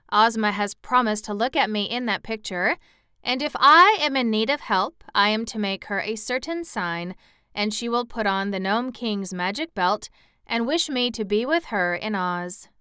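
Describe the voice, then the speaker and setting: A woman's voice: on the high side, normal speed, bright, forceful tone, smooth, no echo, clean studio sound. A woman voicing a cheerful, confident little girl in an audiobook, speaking eagerly and reassuringly.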